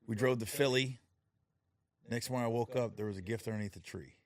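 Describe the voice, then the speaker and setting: A man's voice: steady tone, a little fast, no echo, clean studio sound. A middle-aged man in casual chat, telling stories and acting out what people said, often breaking into laughter. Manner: storytelling, acts out quotes with rising pitch and laughter.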